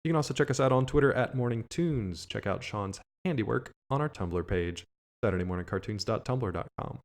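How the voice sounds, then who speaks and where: A man's voice: lowish voice, a little mellow. A man co-hosting a podcast, chatty, running through plugs and sign-offs with light jokes. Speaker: podcast co-host. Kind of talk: casual podcast chat.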